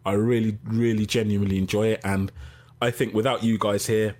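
A middle-aged man hosting a casual live-stream podcast, reading out chat and giving shout-outs. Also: lowish voice, level tone, a little fast. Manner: chatty, gives shout-outs, laughs easily.

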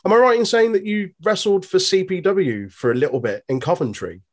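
A man's voice: high voice, fairly quick. A man hosting a casual interview, friendly and rambling, who laughs easily. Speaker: podcast host.

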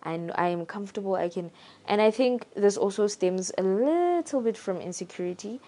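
A young woman talking in a casual, reflective monologue, thoughtful and pausing to search for her words. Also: medium pitch, animated, mellow.

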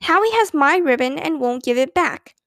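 A woman's voice: sits high, lively intonation, moderate pace, a bit bright, no room sound, clean studio sound. A woman voicing a stubborn little girl who insists indignantly on what is hers.

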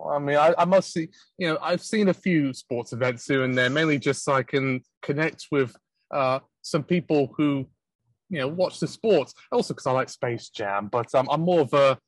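A man's voice: fairly high pitch, normal speed, no echo, rough recording. A British man co-hosting a casual chat, rambling and joking, now and then slipping into mock accents. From Britain. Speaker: podcast co-host.

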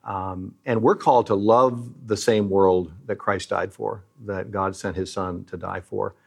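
A man's voice: lowish voice, fairly even intonation, unhurried, vocal fry, darkish tone, slightly rough. A middle-aged man who leads a Christian aid charity, speaking earnestly and like a preacher as he tells moving stories in an interview.

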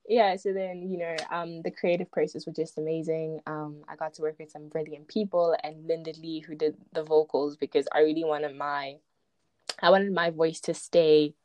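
A woman's voice: low voice, moderate pace, dry recording. A young woman, a poet telling her story in a casual interview and acting out the people she quotes. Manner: animated, acts out quoted voices, frequent "like" and laughter.

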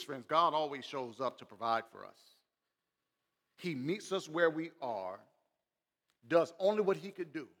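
Pastor guy preaching, kinda high voice, swells loud then drops soft, asks the room questions, long hall echo. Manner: talks straight to the congregation, asking questions. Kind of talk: sermon.

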